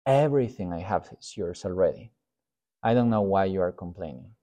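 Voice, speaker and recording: A man voicing God as a patient father who calmly answers his complaining son. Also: medium pitch, takes it slowly. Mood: gentle.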